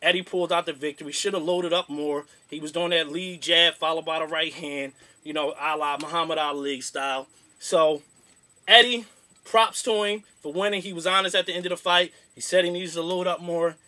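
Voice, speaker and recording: Young guy hosting a boxing show, slangy and all over the place, high bright voice. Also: a little fast. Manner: slangy, animated, rambling. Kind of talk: casual boxing rant.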